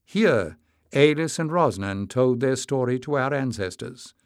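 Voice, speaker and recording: A man voicing a calm, commanding village matriarch. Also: medium pitch, measured pace, no echo, clean studio sound, lightly acted. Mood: composed. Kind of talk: audiobook character reading.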